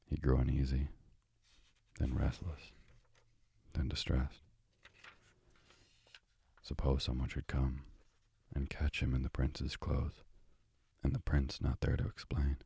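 A man narrating a classic novel as a soft, drowsy sleep story. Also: rumbling low, completely flat delivery, slow, creaky, pauses often, husky, dry recording. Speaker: bedtime story reader.

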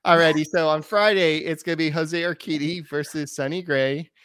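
A man's voice: a little high, fairly even intonation, brisk, a bit bright, no echo, clean studio sound. A man co-hosting a sports podcast in casual chat, playful and hesitant, with many fillers. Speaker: podcast co-host.

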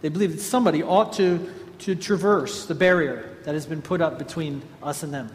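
A man preaching a sermon, telling a story in a lively conversational way to a congregation in a large hall. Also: on the high side, a little fast. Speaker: pastor. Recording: echoey hall, faint ambience.

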